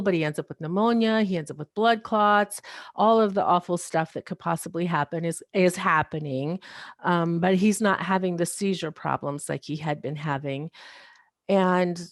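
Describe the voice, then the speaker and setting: Woman, podcast guest, lower voice, dry close mic, storytelling testimony with frequent laughs. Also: normal speed, no echo. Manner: storytelling, quotes others, laughs often. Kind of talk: personal testimony.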